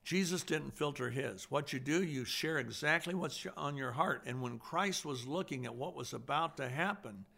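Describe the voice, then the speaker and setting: A man preaching a sermon, earnest, rising to loud emphasis and dropping to hushed softness. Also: a little high, normal speed, gravelly, hardly any pauses.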